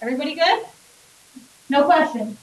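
A woman's voice: sits high, lively intonation, normal speed, slight background noise. A woman math teacher giving a classroom lecture, upbeat and often checking in with her students. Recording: echoey classroom, voice from a distance.

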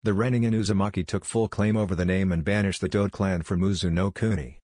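Cranky old toad sage, folksy and crude, man reading it, deep dry voice. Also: fairly even intonation, a little fast, darkish tone, no echo.

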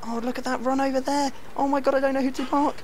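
A man's voice: extremely high pitch, fast talker. Young man, game commentary, teasing and jokey, faint background hiss. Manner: teasing, jokey, swings into loud excited shouts. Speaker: gaming channel host. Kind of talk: excited match commentary over a video game.

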